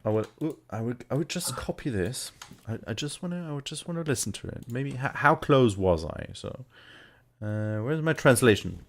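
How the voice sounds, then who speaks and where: A man's voice: mid-range voice, animated, normal speed. A man co-hosting a casual live stream, talking to himself playfully while working at a computer. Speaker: co-host of a tabletop wargaming stream.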